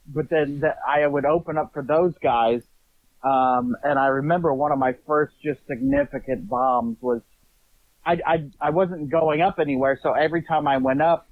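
A man from Indianapolis with a Central Indiana accent, a comedian guest talking in a relaxed, self-deprecating way. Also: mid-range voice, moderate pace, no room sound. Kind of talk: casual interview chat. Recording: tinny phone line.

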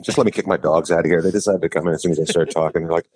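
Low-voiced Canadian comic guest; loose, playful, jumps into voices. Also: male voice, racing, hardly any pauses, slightly rough. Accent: mixed Canadian. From northern Canada. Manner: animated joking storyteller, acts out voices. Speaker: comedian guest. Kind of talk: casual podcast interview.

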